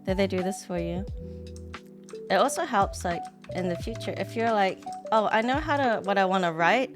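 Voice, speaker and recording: A woman's voice: medium pitch, normal speed. A woman with a New Zealand accent, chatting casually on a live stream, reading lesson text aloud and reacting to it. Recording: background music track.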